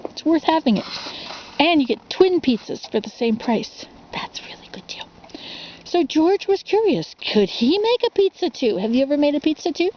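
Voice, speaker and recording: A woman's voice: high-pitched, big pitch swings, normal speed, lo-fi sound, slight background noise. A woman casually reading a children's storybook for ASMR, rambling into asides and asking the listener questions.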